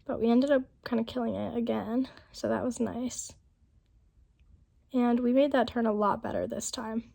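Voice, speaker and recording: A young woman narrating a casual vlog voiceover, chatty and rambling with lots of fillers, her voice rough from a lingering illness. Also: fairly high pitch, fairly even intonation, moderate pace, mellow. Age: young adult. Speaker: vlogger. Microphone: voiceover mic.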